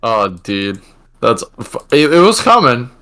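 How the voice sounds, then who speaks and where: A man's voice: medium pitch, sing-song, unhurried, sharp tone. A young man co-hosting a casual podcast, reacting to the story with laughs and amused remarks. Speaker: podcast co-host. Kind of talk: casual chat.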